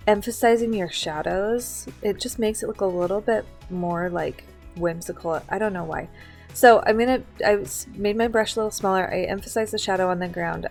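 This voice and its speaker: A young woman talks through a live online class at a middle pitch, casual and a little rambling, filling gaps with likes and ums. Faint music plays softly behind her. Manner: chatty, filler-heavy, explains step by step. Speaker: photography instructor. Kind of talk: casual screen-share tutorial. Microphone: computer mic on a live online class.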